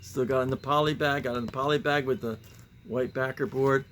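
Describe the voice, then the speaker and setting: A man's voice: mid-range voice, steady tone, a little fast, a bit bright, a little hiss or hum. A man hosting a casual show-and-tell about his comic book collection, rambling and musing with sighing asides.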